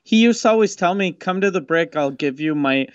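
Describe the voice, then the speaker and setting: A man on a podcast telling a laid-back, deadpan anecdote. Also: on the high side, fairly quick, no room sound, lo-fi sound. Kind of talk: casual anecdote.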